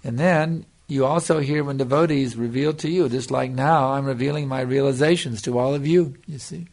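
A man's voice: mid-range voice, normal speed, a little mellow. An older man giving a devotional lecture as a spiritual teacher, earnest and repeating himself for emphasis, answering a listener's question.

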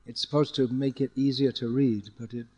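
A man teaching a student to chant Sanskrit verses, correcting pronunciation patiently and chanting lines slowly to demonstrate. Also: mid-range voice, flat delivery, darkish tone, muffled recording. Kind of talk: one-on-one chanting lesson.

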